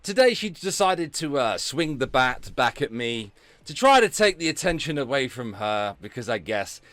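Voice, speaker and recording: A man hosting a casual livestream rant, sarcastic and mocking, dropping from low mutters to loud announcements. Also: sing-song, moderate pace, no echo. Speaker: streamer host.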